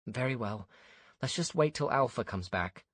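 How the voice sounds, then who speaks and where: A man's voice: medium pitch, expressive, moderate pace, fairly bright tone, no room sound, pitched above the performer's own voice. A man reading an audiobook, voicing a young woman player who is brave but uneasy. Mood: urgent.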